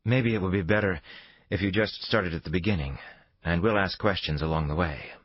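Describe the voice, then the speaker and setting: A male narrator voicing a sharp, composed female FBI agent. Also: sits low, a little fast, lo-fi sound.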